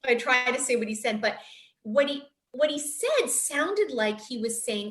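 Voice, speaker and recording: A woman guest in casual podcast chat, telling lively stories and laughing often. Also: high-pitched, a little fast. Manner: animated storyteller, laughs often.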